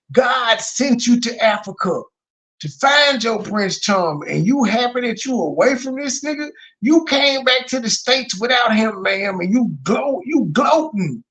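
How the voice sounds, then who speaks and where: A man's voice: very high voice, fairly bright tone. A man hosting a reaction commentary, mocking and blunt, firing off rhetorical questions with plenty of profanity. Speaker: commentary host reacting to a livestream.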